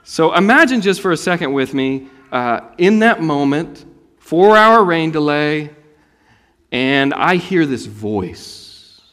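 A man from North Carolina preaching a sermon as a pastor, telling stories with swings from loud emphasis to soft asides. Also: a little high, takes it slowly, long reverb tail. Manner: animated storytelling, rising loud for emphasis and dropping soft. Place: church sanctuary.

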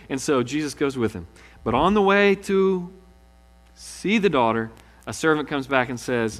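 Man, pastor, lively sermon storytelling, mid pitch, echoing hall, low hum. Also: normal speed. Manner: animated storytelling, acting out quotes.

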